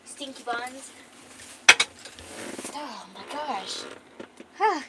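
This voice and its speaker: A woman's voice: sits high, lively intonation, drawn-out words, very noisy. A young woman streamer chatting casually and rambling with swearing while she draws. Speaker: art streamer. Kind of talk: casual chat.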